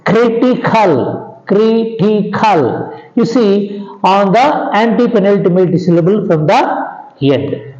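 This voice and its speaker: Male grammar teacher, unhurried and repetitive, roomy muffled recording. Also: high voice, expressive, darkish tone. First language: Telugu. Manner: slow, repetitive, keeps asking "understand?". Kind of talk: classroom lecture. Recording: echoey room, dull lo-fi sound.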